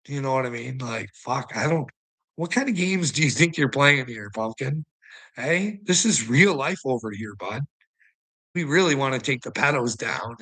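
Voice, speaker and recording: A man's voice: medium pitch, gravelly, pushed and bright, husky, poor audio. Brash swearing man. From Canada. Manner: mocking, swears constantly, laughs between lines. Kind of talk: profane ranting monologue.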